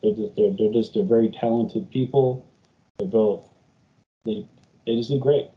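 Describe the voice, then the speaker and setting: Lowish dude, blunt opinions, stumbly, muffled lo-fi sound. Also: male voice, fairly even intonation, normal speed. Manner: emphatic, opinionated, stumbling restarts. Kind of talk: casual chat. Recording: dull lo-fi sound.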